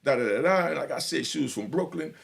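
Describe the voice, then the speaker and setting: This middle-aged man from New York has a gravelly, fairly high voice and talks a little fast. Sharing a prison story casually, he swaggers, laughs a lot, and keeps dropping "you know what I mean" in his animated telling.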